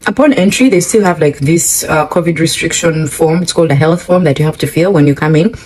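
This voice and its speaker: Woman vlogger, low husky voice, playful and animated delivery of travel advice. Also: fairly quick, rough recording. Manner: animated, playful, acts out exchanges. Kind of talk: casual travel advice vlog.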